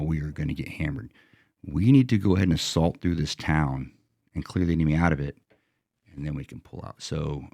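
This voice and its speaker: A middle-aged American man with an extremely deep voice and a gravelly edge tells a war story plainly and bluntly, swearing now and then. His voice is recorded close and dry. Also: darkish tone, dry recording. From United States. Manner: plain-spoken, profane, relives moments through quoted self-talk. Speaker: veteran guest telling a combat story. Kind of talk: casual storytelling.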